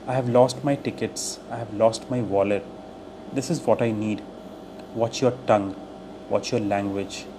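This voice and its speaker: A man teaching English reads short everyday phrases aloud one at a time, clearly and deliberately. His voice is medium-pitched, and a steady air-conditioner hum sits behind it.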